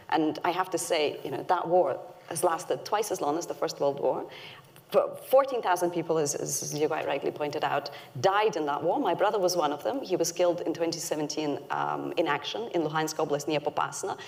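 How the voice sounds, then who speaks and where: A woman giving a prepared panel talk in a slightly low voice. She speaks earnestly and leans hard on the words that matter. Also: vocal fry, a little mellow. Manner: earnest, emphatic, stresses key words.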